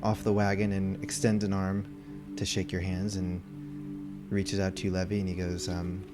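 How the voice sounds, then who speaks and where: A man running a tabletop game as game master, narrating in a relaxed way with many fillers, music behind. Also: low-pitched, moderate pace.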